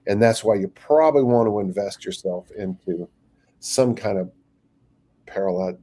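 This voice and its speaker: The older strength coach's voice here is lowish and dark, moving at a moderate pace. In loose podcast talk, he wanders through stories and acts out little quotes.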